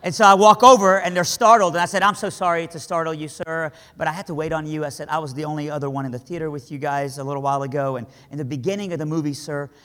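A man from Iran telling a dramatic story to a crowd, swinging between hushed lines and impassioned cries. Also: fairly high pitch, steady tone, fast, few pauses. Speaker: speaker. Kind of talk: storytelling sermon. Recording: hall reverb.

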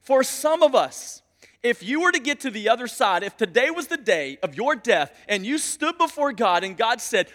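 A male pastor preaching a sermon in a church, emphatic and repetitive, dropping to a hush and then building loud. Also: very high-pitched, big pitch swings, moderate pace. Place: church sanctuary. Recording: long reverb of a large hall.

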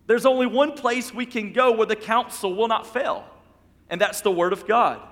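A man preaching a sermon as pastor, emphatic and repetitive, dropping to soft low tones on key phrases. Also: normal speed, long reverb tail.

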